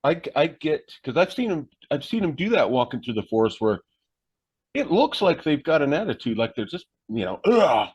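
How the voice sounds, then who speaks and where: A man talking in a casual conversation, halting and restarting his sentences. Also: on the high side, big pitch swings, darkish tone, husky. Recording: dull, muffled recording.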